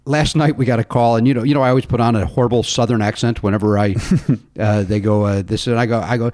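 A man's voice: medium pitch, fast. A man hosting a casual comedy podcast, telling stories in a playful, joking way. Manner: playful, jokey, animated storytelling. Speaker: podcast host.

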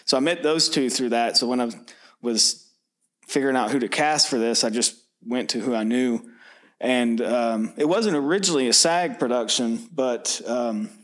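A man's voice: medium pitch, moderate pace. A man, a filmmaker, talking casually and a bit hesitantly about making his film. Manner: easygoing, hesitant with fillers. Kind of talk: casual interview talk.

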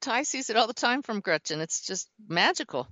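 Enthusiastic woman host, lively pitch. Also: normal speed, no room sound. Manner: affirming, enthusiastic, eager agreement. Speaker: podcast host. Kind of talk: interview. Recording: dull lo-fi audio.

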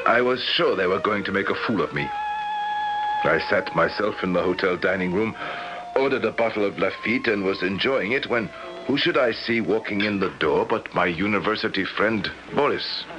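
An actor playing a sophisticated Moscow gentleman. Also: sits low, over loud music, natural voice. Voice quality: polite, measured, slightly formal. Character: sophisticated man from Moscow, curious and skeptical. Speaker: narrator and lead character. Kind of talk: 1970s radio drama acting and narration. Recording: dull lo-fi old radio broadcast.

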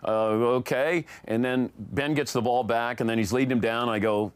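A middle-aged man telling an animated story as a sportscaster guest on a casual talk show. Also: medium pitch, moderate pace, hardly any pauses, dry recording. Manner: animated storyteller acting out quotes.

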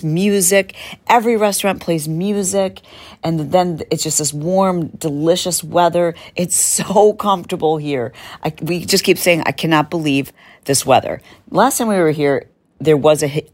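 Low-voiced woman host gushing away casually, middle-aged, laughs at herself. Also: darkish tone, no echo. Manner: chatty, enthusiastic, self-mocking. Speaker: podcast host. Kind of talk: casual chat.

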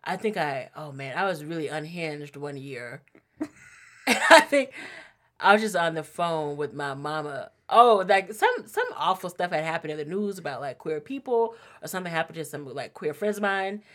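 A woman in a casual conversation, telling stories with real animation. Her pitch swings widely as she acts out what other people said, and she laughs often. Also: lively intonation, moderate pace. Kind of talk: casual chat.

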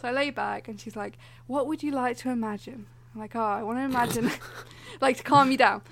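A woman's voice: a little high, brisk, creaky, fairly bright tone. A young woman telling a story in casual chat, acting out other people's lines with lots of laughter.

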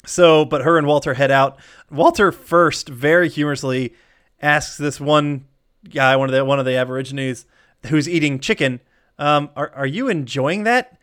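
A man co-hosting a podcast, recapping a film in casual chat, animated, with frequent laughs and rambling asides. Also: a little high, normal speed, smooth. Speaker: podcast co-host.

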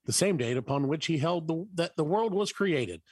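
A man's voice: fairly high pitch, expressive, moderate pace, darkish tone, slightly rough, no room sound, studio quality. A male radio host in morning show banter, teasing and laughing in disbelief.

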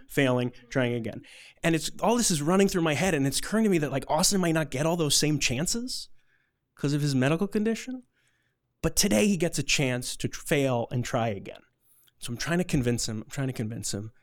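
A man telling a personal story to an audience, conversational and rambling, with a self-deprecating, emotional edge. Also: mid-range voice.

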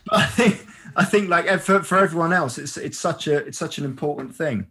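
A man in casual conversation, telling lively stories and often asking "right?". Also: on the high side, a little fast, breathy edge. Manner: animated storyteller, says "right?" often. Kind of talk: casual chat. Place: photographer who travels with a camera.

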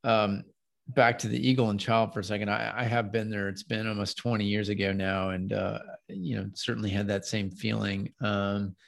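A man's voice: lowish voice, flat delivery, normal speed, creaky. A man hosting a conversational interview, telling stories in a chatty way and asking his guest questions. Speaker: podcast host.

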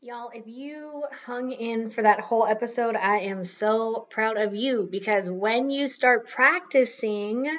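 A woman's voice: a little high, a little slow, hardly any pauses, far from the mic, lo-fi sound. A woman hosting a casual self-help podcast, chatty and easily sidetracked, laughing off her own lapses. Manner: chatty, loses her train of thought and laughs it off. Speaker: podcast host.

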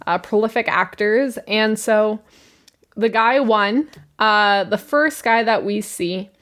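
Wry Canadian woman recapping a show. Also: mid-range voice. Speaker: podcast co-host. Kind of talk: casual chat recap. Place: room at home.

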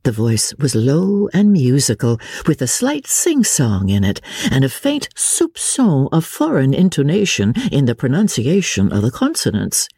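A woman narrating an audiobook with lively, expressive storytelling. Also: extremely low pitch, a little slow, few pauses, slightly rough, no echo, studio quality. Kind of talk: scripted narration.

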